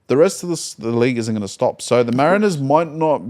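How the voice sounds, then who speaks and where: A man's voice: mid-range voice, lively intonation, fast talker, darkish tone. A man co-hosting a casual football podcast, blunt and argumentative, teasing his co-host.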